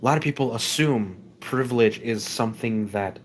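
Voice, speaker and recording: A man's voice: medium pitch, moderate pace, a little hiss or hum. Rambling man holding forth to his viewers. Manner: rambling, with many restarts and stumbles; keeps addressing the audience as "ladies and gentlemen". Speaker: live stream host. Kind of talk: casual opinion monologue.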